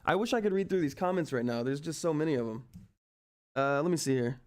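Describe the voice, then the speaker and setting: A man hosting a stock trading livestream, giving excited market commentary and constantly addressing viewers as guys. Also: fairly high pitch, fast. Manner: excitable, keeps addressing viewers as guys and asking "all right?".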